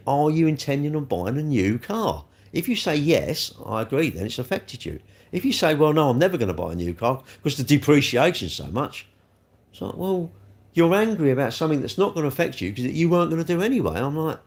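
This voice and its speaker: A man's voice: a little high, very animated, a little fast, vocal fry, a little mellow. Exasperated man ranting on a livestream. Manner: exasperated, rambling, rhetorical questions. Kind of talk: casual livestream rant.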